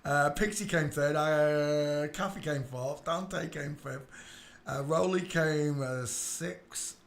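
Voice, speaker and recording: A man's voice: fairly high pitch, takes it slowly, gravelly, reverberant. A man hosting a casual livestream from home. He talks bluntly and crudely and keeps breaking off to fuss over his dog. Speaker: live stream host. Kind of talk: casual rambling livestream chat. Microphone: desk microphone.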